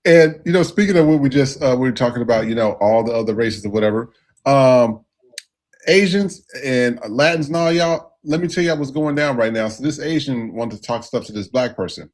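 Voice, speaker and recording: Male podcast host, mid-pitched, casual and loose, lots of fillers. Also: lively intonation, brisk. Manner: loose, filler-heavy segment lead-ins.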